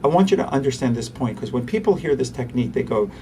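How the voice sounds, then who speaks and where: A man, a pediatrician and interview guest, who talks animatedly and acts out quick voices for parents and toddlers. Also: medium pitch, lively intonation, mellow, distant mic, slight background noise. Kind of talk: conversational interview.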